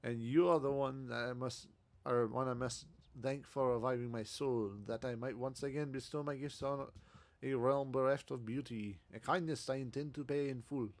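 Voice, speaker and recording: A man's voice: mid-range voice, fairly even intonation, normal speed, close to an everyday voice. A man putting on a pompous French hairdresser. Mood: grandiose. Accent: put-on French. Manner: grandiose, florid.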